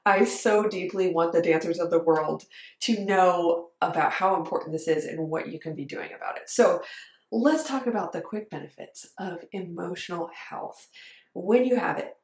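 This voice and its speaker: A woman's voice: fairly low pitch, normal speed. A woman who coaches dancers, talking to camera in an earnest, emphatic, conversational way. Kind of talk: direct-to-camera coaching talk. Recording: echoey room.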